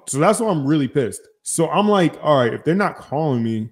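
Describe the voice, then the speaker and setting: A young man hosting a podcast, telling a story in casual chat, animated and profane, acting out both sides of phone calls. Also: fairly high pitch, brisk. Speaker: podcast host.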